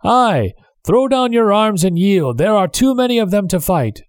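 A man voicing a captured male sailor who calls loudly to his shipmates to lay down their arms, in a storybook reading. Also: high-pitched, big pitch swings, moderate pace, no room sound, studio quality, pitched above the performer's own voice. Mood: urgent calling. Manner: loud urgent calling out. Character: captured male sailor calling on comrades to surrender.

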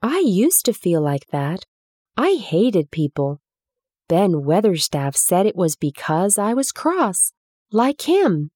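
A woman voicing an earnest, slightly bossy young girl who speaks in a brisk, confiding way. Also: medium pitch, big pitch swings, warm tone, slightly rough, no room sound, clean studio sound, full character voice. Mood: frank.

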